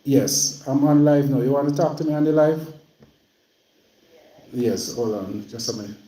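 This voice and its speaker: A man's voice: medium pitch, normal speed, dark tone, echoey room, rough recording. A Jamaican man hosting a livestream, speaking plainly and repeating himself when stirred. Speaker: livestream host. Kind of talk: casual livestream talk.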